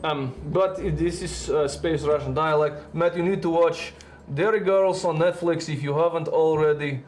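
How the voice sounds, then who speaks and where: A man's voice: on the high side, moderate pace, echoey room, slight background noise, lightly acted. A man putting on a joking mock Russian accent. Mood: playful. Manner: playful, deadpan jokes in broken grammar. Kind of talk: casual stream chat.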